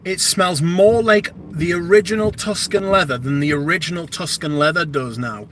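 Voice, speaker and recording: A man's voice: fairly high pitch, normal speed, fairly bright tone, a little hiss or hum. A British man hosting a livestream, chatting casually and rambling with plenty of swearing. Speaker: livestream host. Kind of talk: casual live chat.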